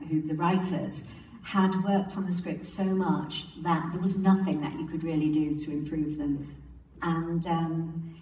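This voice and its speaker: An older woman actress from England, telling warm theatre stories in an interview, acting out quotes and laughing often. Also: fairly low pitch, far from the mic. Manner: animated storyteller, acts out quotes and laughs often. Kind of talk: relaxed anecdotal interview. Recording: roomy, off-mic, faint background hiss.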